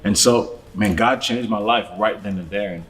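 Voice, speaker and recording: A pastor telling his story in a casual church talk show, animated and laughing often. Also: fairly low pitch, normal speed.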